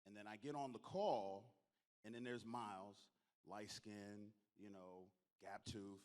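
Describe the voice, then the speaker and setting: A man's voice: on the low side, fairly even intonation, unhurried, a little mellow. Man storytelling on a convention stage. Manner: storytelling, joking, calls on the audience to applaud. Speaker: convention organizer giving closing speech. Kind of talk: lively onstage speech to a crowd.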